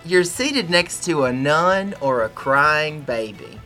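A man with a bright, sharp and very lively voice, co-hosting a comedy podcast with playful teasing and high-pitched quotes. Faint music runs underneath. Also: slow pace. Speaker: podcast co-host. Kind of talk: casual comedy podcast banter.

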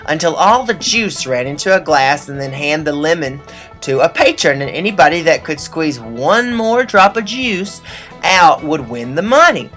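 A man's voice: a little high, expressive, normal speed, a bit bright, soft background music. A man co-hosting a comedy podcast, telling corny jokes with hammy, mock-sincere showmanship.

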